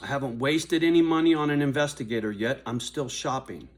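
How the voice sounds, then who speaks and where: An older man vlogging to his viewers in a confrontational, profane rant, dropping to low mutters and then rising to raised shouting. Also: a little fast. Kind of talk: angry direct-to-camera rant.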